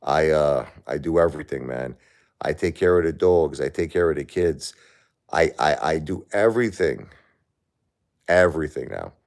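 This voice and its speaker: Very deep-voiced man, grieving live host. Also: a little mellow. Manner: halting, repeats words, talks to viewers. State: grieving, stressed. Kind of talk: emotional live-stream chat.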